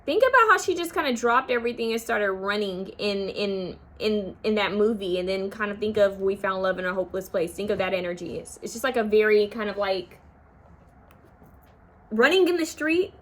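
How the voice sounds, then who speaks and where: A woman's voice: medium pitch, brisk, hardly any pauses, fairly bright tone. A woman giving a casual pick-a-card tarot reading, rambling and full of fillers, often trailing off mid-thought. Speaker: tarot reader.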